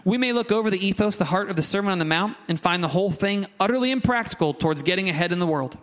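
A man preaching a sermon, lively and conversational, with asides to the congregation. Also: high voice, racing. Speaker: pastor.

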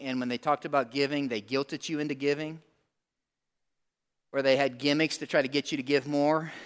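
A man preaching a sermon in a conversational style, asking the congregation questions, repeating words and rising to near-shouts for emphasis. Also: medium pitch, smooth. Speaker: pastor.

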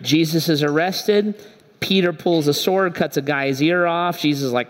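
A man's voice: fairly high pitch, moderate pace. A male pastor preaching a sermon in a church, telling the story conversationally and acting out the dialogue. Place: church hall. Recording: echoey hall.

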